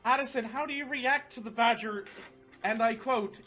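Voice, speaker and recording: Man, dungeon master, high and bright, animated and exclamatory. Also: normal speed, soft background music. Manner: animated, laughs often, exclaims. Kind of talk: running a tabletop game, casual.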